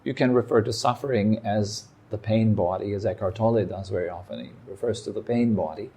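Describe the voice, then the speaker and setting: A man giving a meditation talk, calm and reflective, speaking in short phrases with pauses. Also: on the low side, slightly rough. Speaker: meditation teacher. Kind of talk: dharma talk. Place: meditation hall.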